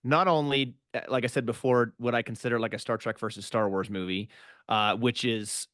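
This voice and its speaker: A man's voice: mid-range voice, steady tone, a little fast, a bit bright, dry recording, studio quality. A man hosting a podcast interview, an eager fan who asks long, rambling questions. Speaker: podcast host. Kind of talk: casual interview.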